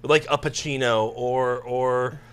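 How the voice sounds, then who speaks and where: A man's voice: medium pitch, steady tone, slow pace, a bit bright, smooth. A man co-hosting a casual comedy chat, rambling and joking. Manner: rambling, jokey, slips into impressions. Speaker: podcast co-host.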